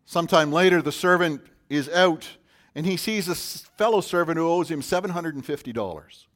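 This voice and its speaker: A man preaching a sermon in a conversational way, with sudden loud emphasis on key words. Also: on the high side, brisk. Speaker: pastor.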